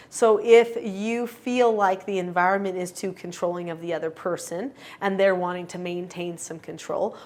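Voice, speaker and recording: A middle-aged woman giving calm, earnest parenting advice straight to camera, now and then acting out what a parent and child might say. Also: fairly low pitch. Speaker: parenting coach. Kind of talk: instructional talk to camera.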